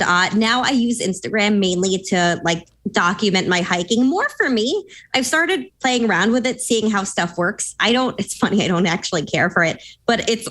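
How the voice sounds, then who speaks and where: A woman's voice: medium pitch, fairly bright tone. A young woman on a tech panel, chatting breezily about her travels with lots of filler words. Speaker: panel guest. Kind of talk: casual panel chat.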